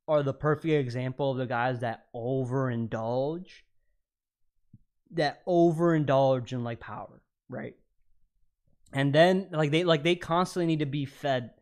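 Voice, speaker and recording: A man hosting a panel debate, lecturing in an assertive way and dropping his tone for emphasis. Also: mid-range voice. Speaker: podcast host.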